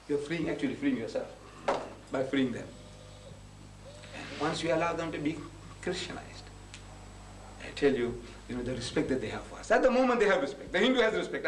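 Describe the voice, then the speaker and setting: A man giving a public lecture, telling stories and acting out conversations in lively voices. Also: fairly high pitch. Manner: animated, acts out conversations with shifting voices. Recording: echoey hall, heard from a distance, faint hiss.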